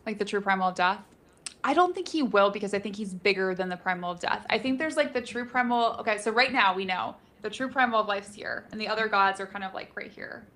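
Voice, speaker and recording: A woman's voice: mid-range voice, fast talker, a bit bright. A woman co-hosting a casual live book discussion, speculating in a chatty way with many fillers.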